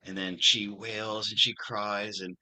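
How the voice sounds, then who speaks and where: A channel host talks casually over a video call, wandering through his story with frequent pauses and restarts. His voice is fairly low, yet its tone is very bright and forceful. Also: flat delivery, slight background noise. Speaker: channel host and tarot reader.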